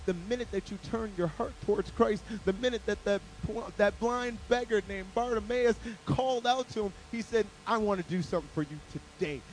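A man preaching a sermon, his voice sitting a little high for a man. He drops to near-hushed pleading, then builds to loud, animated shouting. A faint hiss runs under the recording. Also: a little fast, hardly any pauses, rough recording. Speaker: guest speaker.

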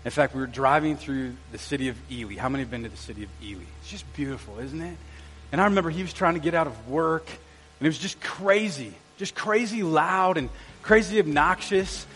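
Brisk and a bit bright, this man's fairly high voice carries a storytelling sermon in a church sanctuary. As pastor, he keeps it conversational, talking straight to the congregation with asides.

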